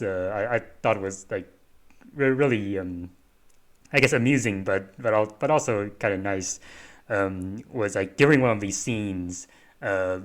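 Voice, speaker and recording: A young man with a lowish voice talks through a review on a podcast. He stumbles over his words and restarts often, keeping it casual. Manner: halting, many fillers and restarts. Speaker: podcast co-host.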